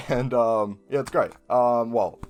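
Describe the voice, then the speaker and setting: A man's voice: medium pitch, slow, darkish tone, faint music behind. A young man with a New Zealand accent chatting casually, rambling with lots of ums and swearing. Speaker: video creator. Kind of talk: casual chat.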